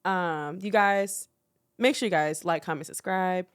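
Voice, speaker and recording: A woman's voice: on the low side, unhurried, clean tone. Laughing young woman podcast host. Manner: laughs often, echoes the guest's phrases. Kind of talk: casual chat.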